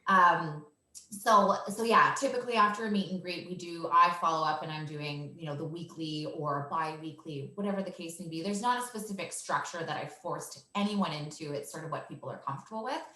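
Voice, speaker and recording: Confident woman dog trainer, crisp forceful tone, talks through her methods plainly. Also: low-pitched, brisk, echoey room. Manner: assured, explanatory, laughs easily. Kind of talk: casual interview answers.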